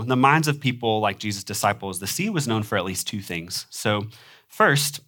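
A man's voice: lowish voice, a bit bright. A young adult man with a nasal Midwestern accent, preaching a sermon in a conversational way with frequent ums and small laughs. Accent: Midwestern American. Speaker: pastor.

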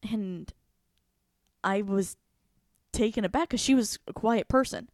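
A woman's voice: medium pitch, measured pace, a little mellow, dry recording, studio quality. A woman co-hosting a casual talk show, retelling a personal story candidly and animatedly, swearing freely. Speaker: podcast co-host.

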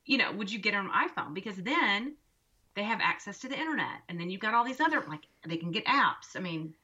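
Woman, bright tense voice, expressive storyteller, muffled lo-fi sound. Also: medium pitch, fast talker. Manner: expressive, acts out quoted dialogue. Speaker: podcast co-host and mother. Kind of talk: casual chat, animated storytelling. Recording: dull lo-fi recording.

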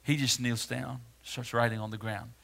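A male pastor preaching a sermon in a dramatic way, swinging from hushed words to loud ones. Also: medium pitch, little pitch movement, normal speed, gravelly.

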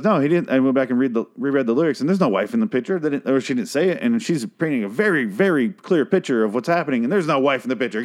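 A middle-aged man doing a comedic rant, sarcastic and profane, rambling with restarts and asides. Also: mid-range voice. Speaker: comedian host. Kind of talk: comedic rant, casual monologue.

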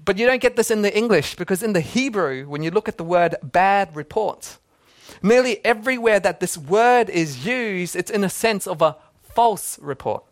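A man's voice: high voice, lively intonation, normal speed, no echo, studio quality. A man, preaching a sermon in a casual, joking way and laughing often. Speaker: pastor.

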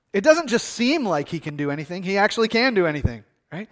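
High-voiced pastor telling a story. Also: male voice, animated, fairly quick, few pauses, fairly bright tone. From Michigan. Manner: conversational storytelling with frequent fillers and restarts. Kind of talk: sermon.

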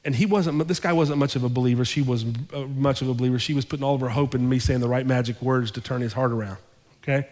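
Animated preacher man in an echoing sanctuary. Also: mid-range voice, fast, hardly any pauses. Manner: animated, conversational storytelling with repeated phrases. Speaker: pastor. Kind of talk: sermon storytelling. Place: church sanctuary.

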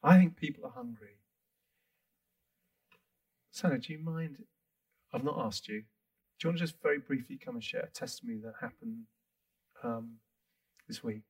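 A man's voice: medium pitch, normal speed, long pauses, darkish tone, distant mic. A male pastor preaching in a conversational way to his congregation. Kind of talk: sermon.

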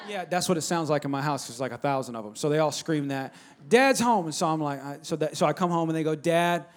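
A man's voice: fairly high pitch, fast talker. Emphatic preaching man, drawl. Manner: repetitive, emphatic, conversational, calls to the congregation. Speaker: pastor. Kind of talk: sermon.

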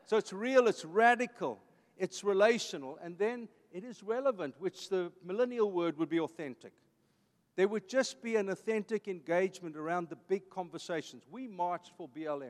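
High-voiced Afrikaans-accented pastor in a hall. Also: male voice, expressive, normal speed. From South Africa. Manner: emphatic, preacherly, with repeated phrases. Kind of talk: talk to a church audience.

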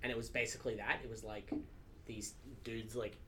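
A man's voice: lowish voice, little pitch movement, a little fast, bright, forceful tone, slight background noise. A man co-hosting a casual podcast chat, rambling and swearing freely, with lots of filler words. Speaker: podcast co-host.

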